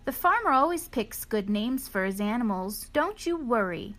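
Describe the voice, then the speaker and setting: A woman reading aloud as a kindly, gentle sheep in a children's storybook. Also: on the high side, very animated, moderate pace. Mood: reassuring.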